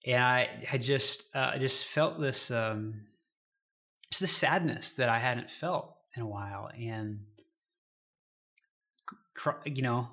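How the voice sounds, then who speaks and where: A man speaking as a pastor, reading scripture and then sharing a personal story in a gentle, reflective way. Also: mid-range voice, slow pace, pauses often. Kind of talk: devotional sermon.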